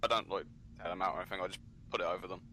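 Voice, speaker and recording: A man plays a tabletop game and talks casually with fillers. His voice is very low with a bright, forceful edge. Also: little pitch movement, racing, slight background noise. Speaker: player.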